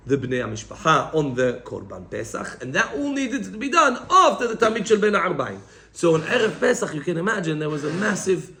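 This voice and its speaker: A man teaching a Torah class to students, explaining with lively emphasis and frequent checks that they follow. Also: a little high, vocal fry.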